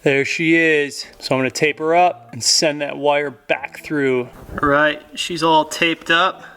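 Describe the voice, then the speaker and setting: A man's voice: a little high, steady tone, unhurried, bright, forceful tone, clear, resonant tone. A man hosting a casual how-to, talking viewers through each step in a chatty, upbeat way. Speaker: car mod tutorial host.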